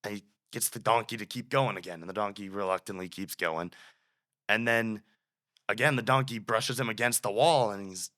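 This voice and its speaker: A man's voice: lowish voice, brisk, fairly bright tone. A man in his twenties, a student guest on a casual podcast, retelling stories with animation and frequent restarts.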